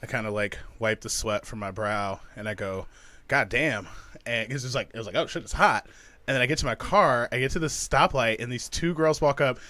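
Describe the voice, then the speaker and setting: A man guest on a comedy podcast, telling a story in a lively way and acting out other people's lines. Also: medium pitch, a little fast. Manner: animated, acts out other people's voices.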